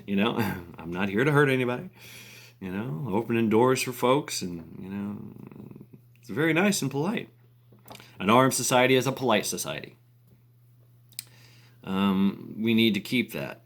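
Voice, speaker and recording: A man's voice: fairly low pitch, sing-song, a little slow, pauses often. A man ranting casually on camera, rambling with fillers, restarts and laughter. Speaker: vlogger. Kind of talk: casual rant.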